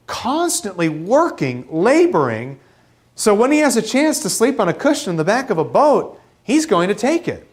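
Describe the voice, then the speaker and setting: Guy preaching in church, higher voice, pitch all over the place, acts out the quotes. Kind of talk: sermon. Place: church sanctuary.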